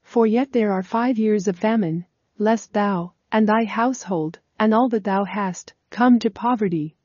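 A woman voicing a kind male ruler who speaks gently to his brothers in archaic scriptural phrasing, on a dull, slightly lo-fi recording. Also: medium pitch, unhurried, no room sound, close to an everyday voice. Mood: gentle.

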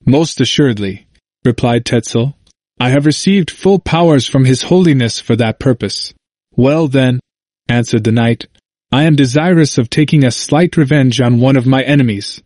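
A man reading a historical narrative aloud in a steady, measured way. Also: medium pitch, dry recording, studio quality. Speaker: audiobook reader. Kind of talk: scripted narration.

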